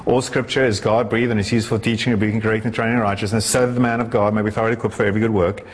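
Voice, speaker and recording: A man preaching a sermon with passion, his delivery soaring and then dropping into a low, conversational tone. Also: little pitch movement, rapid-fire. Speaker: pastor. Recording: echoey hall with long reverb.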